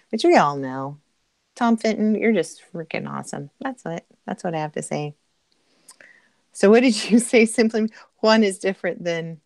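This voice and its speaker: A middle-aged woman chats casually on a live stream, reading out viewer comments and laughing as she answers them. Her voice sits a little low for a woman. The recording is close and dry. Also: no echo. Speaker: livestream co-host reading chat.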